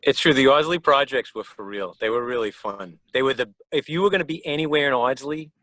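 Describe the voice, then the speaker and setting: A man's voice: mid-range voice, fairly quick, bright, forceful tone, no echo, rough recording. A middle-aged man from the Bronx with a New York accent, a guest musician telling stories loosely and swearing freely. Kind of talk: casual chat.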